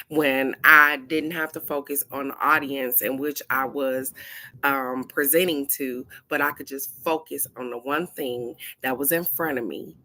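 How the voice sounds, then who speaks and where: A woman hosting a casual talk, telling stories animatedly and speaking straight to her viewers with frank, casual swearing. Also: rumbling low. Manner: animated storytelling, addresses viewers directly. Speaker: host of a card-of-the-day talk. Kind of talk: casual chat.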